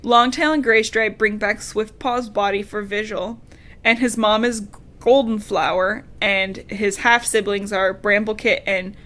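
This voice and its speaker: Woman podcast host going thru a book recap, lively, laughs a lot, swears a bit, mid pitch voice. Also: measured pace. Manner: animated, laughing, swears casually. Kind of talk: casual book recap chat.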